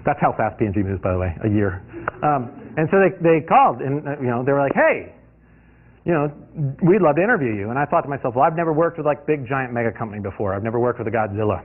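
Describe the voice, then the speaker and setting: A man from the US East Coast gives a guest lecture built on personal stories. He talks at a quick clip and often restarts his sentences. The recording sounds tinny and lo-fi, like it came through a phone. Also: medium pitch. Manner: lively, anecdotal storytelling with frequent restarts. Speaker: guest lecturer, industrial designer.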